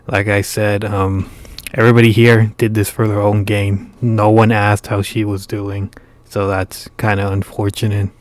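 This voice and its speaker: A man with a raspy voice hosting a casual online commentary, with wry joking asides. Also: on the low side, level tone, measured pace, dry recording. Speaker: commentary video host.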